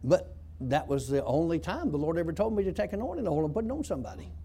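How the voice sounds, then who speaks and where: A man telling his testimony in a folksy, emphatic way. His voice sits high for a man and swings up and down a lot as he tells the story, in the manner of a former prison preacher. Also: very animated, fast, warm tone, slight background noise. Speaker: former prison pastor, guest.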